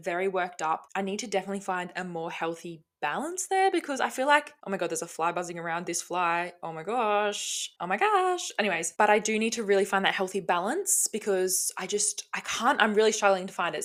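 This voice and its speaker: Woman podcaster on her own, chatty and sweary, hyped-up tough-love pep talk. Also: mid-range voice. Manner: energetic, sweary, motivational. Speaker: podcast host. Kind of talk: casual solo podcast talk.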